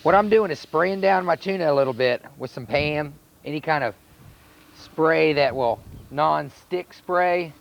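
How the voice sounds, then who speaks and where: A man with a North Carolina accent, a chef talking through a cooking demonstration in a relaxed, plainspoken way. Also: fairly high pitch, unhurried, creaky. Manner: relaxed, plainspoken, step-by-step instruction. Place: outdoor charcoal grill by a house. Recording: dull lo-fi VHS recording.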